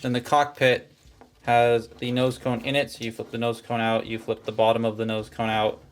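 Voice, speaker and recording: A man's voice: mid-range voice, level tone, normal speed, a little hiss or hum. A man hosting a casual toy review, chatting his way through each step as he handles the figure.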